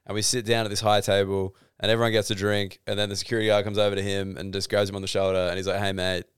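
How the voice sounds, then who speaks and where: A man's voice: fairly low pitch, little pitch movement, racing, clean tone, no echo. A man with an Australian accent trading wry, dry quips in a casual chat.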